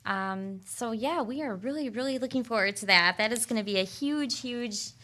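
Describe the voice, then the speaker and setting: A woman's voice: a little high, moderate pace, pushed and bright. A woman appearing as a guest in a radio studio, talking about events in an upbeat way with lots of ums. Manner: upbeat, filler-heavy, earnest. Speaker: sales and marketing director as guest. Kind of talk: promotional guest chat. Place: broadcast studio.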